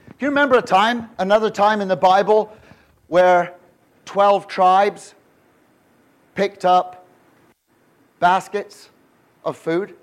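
A man preaching a humorous sermon, telling stories with jokes, rhetorical questions and frequent restarts. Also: high-pitched. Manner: storytelling, joking, many restarts and rhetorical questions. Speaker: pastor.

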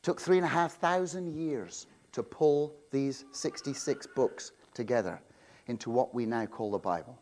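A man preaching a sermon, swinging between loud proclamations and quiet asides, often repeating and restarting words. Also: mid-range voice, unhurried. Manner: self-interrupting, repeats words. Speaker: pastor.

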